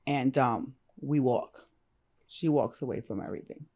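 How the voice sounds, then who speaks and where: A middle-aged woman from Brooklyn, a guest telling her own story in a candid, animated, slangy way, acting out what others said. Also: very deep voice, a little slow, slightly rough. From Brooklyn, New York. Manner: animated, acts out others' lines, slangy and informal.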